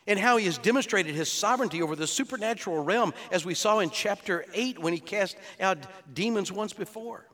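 High-voiced pastor preaching in a reverberant hall. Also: male voice, fairly quick, few pauses, a bit bright. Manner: earnest teaching tone, building to emphatic peaks. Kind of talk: expository sermon. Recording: long reverb of a large hall.

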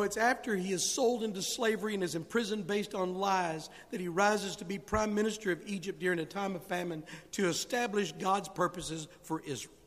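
High-voiced preacher in a reverberant hall. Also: male voice, fairly bright tone. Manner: preaching with rising emphasis, acting out biblical dialogue. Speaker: pastor. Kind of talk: sermon.

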